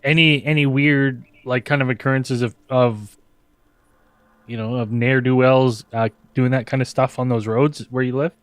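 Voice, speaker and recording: A man co-hosts a casual radio talk show in the studio and asks rambling, easygoing questions at an ordinary mid pitch. The studio sound is dry and close. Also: fairly even intonation, moderate pace, clear, resonant tone, dry recording.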